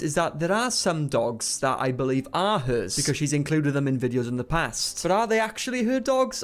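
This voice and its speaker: A man talking through his own commentary video in a dry, sarcastic way. His voice sits a little high for a man, and the swearing is casual and deadpan. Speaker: YouTube commentator.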